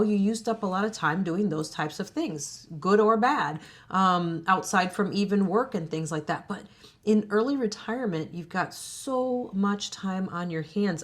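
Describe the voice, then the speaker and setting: A woman co-hosting a travel vlog, chatting casually to the camera and laughing often between her phrases. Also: medium pitch. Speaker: co-host of a retirement travel channel.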